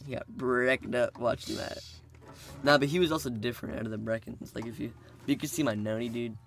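A young man co-hosting a podcast, chatting in loose, slangy banter. His voice has a gravelly, fry-edged texture at a middle pitch. He talks with a relaxed, easygoing flow. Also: a little fast, slight background noise. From Arizona. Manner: laid-back slangy banter, drops "bro" and "dude". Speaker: podcast co-host. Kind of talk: casual chat.

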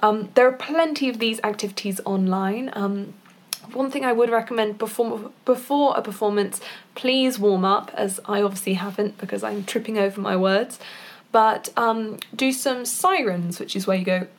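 A woman's voice: medium pitch, steady tone, normal speed. Chatty woman voice actor sharing tips. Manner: chatty, with fillers and small laughs, demonstrating vocal exercises. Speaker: voice actor and poet giving tips. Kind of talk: casual instructional talk.

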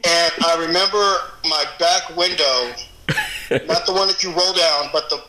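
A man's voice: fairly high pitch, normal speed, pushed and bright, echoey room, rough recording. A man reminiscing in casual chat, telling wild stories with lots of swearing and laughter. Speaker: former club DJ, guest.

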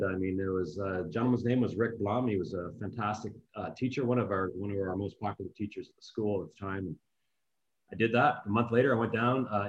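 Guy in his 50s, lowish voice, friendly rambly chat, echoey room. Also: dull audio. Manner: friendly, rambling, many restarts. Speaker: guest, hotel executive. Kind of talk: casual interview talk.

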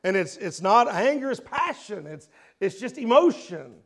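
Passionate man preaching, high-voiced. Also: very animated, normal speed. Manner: emotional, swings from loud to hushed. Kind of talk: sermon.

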